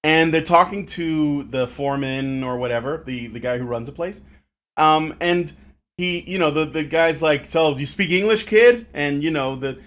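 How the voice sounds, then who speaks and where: A man co-hosting a podcast, recounting a movie scene in a halting, casual way. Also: on the high side, a bit bright. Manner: halting recap with many restarts. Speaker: podcast co-host. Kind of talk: casual chat.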